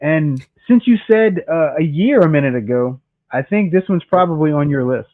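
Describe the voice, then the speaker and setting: A man raves about films, stumbling over the same words as he gushes. He sounds a bit high for a man and comes through a dry, tinny, phone-like line with no room sound. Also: expressive, normal speed, dry recording. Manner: enthusiastic, stammers on restarts. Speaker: podcast co-host. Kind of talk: casual movie chat.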